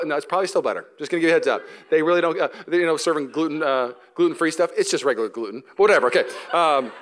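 A young man preaching a sermon, telling a story with acted-out voices and laughs, then dropping to a soft, low, earnest voice for the serious points. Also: expressive, fast talker. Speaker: pastor. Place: church auditorium.

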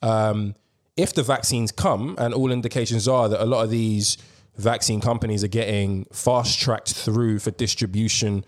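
A man hosting a casual podcast chat, animated and slangy, swearing freely. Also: lowish voice, normal speed. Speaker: podcast host.

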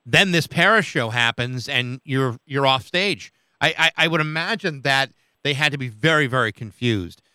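Brief: male interviewer, crisp and smooth, dry close sound, short prompting questions. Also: medium pitch, lively intonation, moderate pace, pushed and bright, dry recording. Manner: brief affirmations, probing follow-ups.

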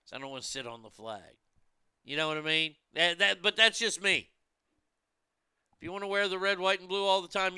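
A man's voice: fairly high pitch, sharp tone, smooth, no room sound. A man rambling casually about food, movies and wrestling, blunt and profane, with many restarts. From United States.

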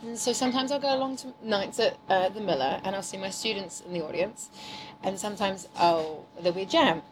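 An Englishwoman chatting easily about improv, full of fillers and quick laughs. She speaks at a middling pitch. A crowd murmurs clearly behind her. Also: poor audio. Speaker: improv teacher and guest. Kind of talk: casual chat.

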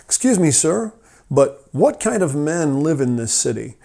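A man's voice: on the high side, sing-song, unhurried, gravelly, warm tone, heavily acted. A man voicing a male traveler on horseback who comes from a city of thieves, asking a question politely, then listing his old neighbours with heavy emphasis. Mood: earnest. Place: office.

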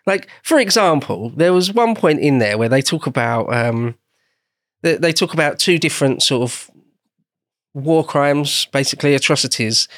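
A man's voice: fairly high pitch, expressive, moderate pace, a bit bright, dry recording, studio quality. An Englishman explaining history as a guest in a casual podcast conversation, meandering and often rephrasing himself.

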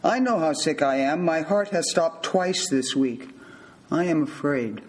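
A man's voice: on the high side, lively intonation, measured pace, a little hiss or hum, low-quality recording. A man voicing a bitter, sardonic lawyer in his fifties who is a hospital patient, speaking with articulate disdain.

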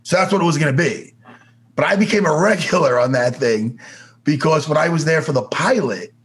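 A man's voice: fairly high pitch, brisk. A man telling stories as a guest in a casual interview, swearing freely and acting out other people's voices. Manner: animated, swears freely, acts out voices in anecdotes. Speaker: podcast guest. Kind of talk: casual storytelling.

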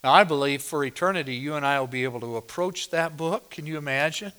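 A man's voice: on the high side, fast, pushed and bright, clean tone. A male pastor preaching a sermon at a church service, emphatic and driving home points by repeating phrases.

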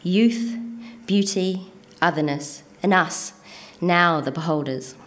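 A woman with an Antipodean accent performing her own spoken word poetry in a rhythmic, measured delivery with deliberate pauses, and chatting casually and hesitantly between pieces. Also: fairly low pitch, background noise. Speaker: poet reading her own work.

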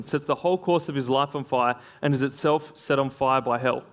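A man's voice: medium pitch, brisk, few pauses. A man preaching a sermon in a conversational way, with frequent fillers and small laughs.

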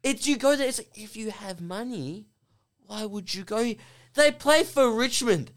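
A man's voice: high voice, lively intonation, normal speed, a bit bright. A young man with an Australian accent, co-hosting a podcast with crude, sarcastic banter and constant swearing. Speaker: podcast co-host.

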